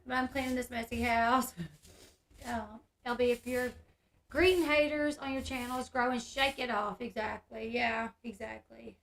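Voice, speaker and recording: A high, bright-voiced woman talks casually on her livestream. She is candid and chatty, reading viewer comments aloud as she goes. Her voice carries a noticeable echo from the room at home. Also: fairly even intonation, normal speed, a little hiss or hum. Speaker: YouTube host.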